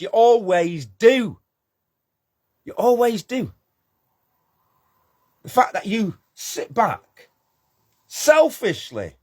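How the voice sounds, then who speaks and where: Guy ranting at the camera, high voice that swings all over, preachy and scornful. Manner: preachy, repetitive, rhetorical questions, scornful. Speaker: channel host. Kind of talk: impassioned monologue rant.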